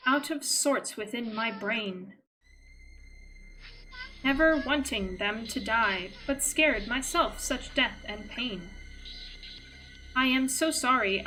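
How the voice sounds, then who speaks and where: A woman voicing a haunted antique doll with a childlike, cold, remorseful manner, in a slow sing-song chant. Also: on the high side, sharp tone, low-quality recording.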